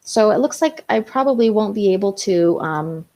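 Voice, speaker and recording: A woman's voice: mid-range voice, expressive, moderate pace, mellow. Chatty young woman hosting a live stream. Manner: chatty, reads out viewer comments, many fillers. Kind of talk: casual live stream chat.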